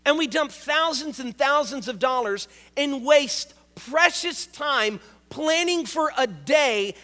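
High, bright-voiced pastor in an echoing hall. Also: male voice, lively intonation, slow pace, few pauses. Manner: conversational and joking, with emphatic repeated phrases. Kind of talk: sermon. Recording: long reverb of a large hall.

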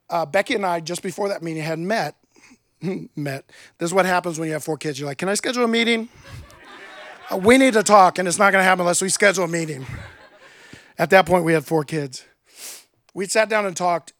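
A man in his thirties preaching a sermon, telling a personal story with animated delivery and acted-out dialogue. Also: fairly high pitch, no echo, studio quality. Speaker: pastor.

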